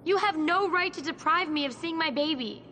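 A woman's voice: extremely high pitch, moderate pace, pushed and bright, a little hiss or hum. An actress playing a desperate birth mother fighting to see her young son, urgent and pleading in a dubbed drama. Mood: insistent.

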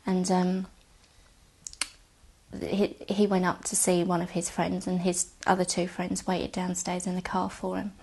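A woman giving halting, quiet testimony about her brother, often dropping near a whisper and close to tears. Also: lowish voice, monotone, creaky, slightly rough. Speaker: bereaved sister giving testimony. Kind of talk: recounted personal testimony.

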